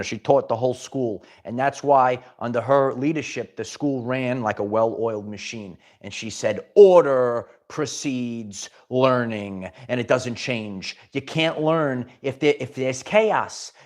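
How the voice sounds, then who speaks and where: A man hosting a live spiritual pep talk, speaking emphatically, repeating phrases and restarting his sentences often. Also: medium pitch. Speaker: spiritual channel host.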